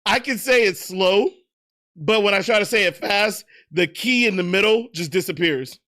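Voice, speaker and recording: A man's voice: high-pitched, lively intonation, normal speed, bright, forceful tone. A man chatting casually on a livestream, loose and profane, laughing at himself as he answers viewers. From United States. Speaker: streamer.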